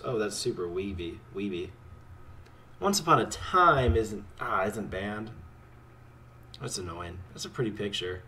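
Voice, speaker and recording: A man giving casual commentary while playing a card game, talking to his opponent and swinging between excited outbursts and quiet muttering. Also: on the low side, measured pace, slight background noise.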